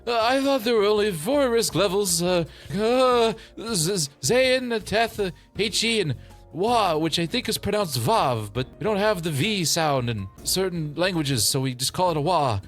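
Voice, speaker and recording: A man's voice: high-pitched, animated, measured pace, faint music behind, pitched above the performer's own voice. A man voicing a timid young man who stammers and hesitates. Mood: nervous.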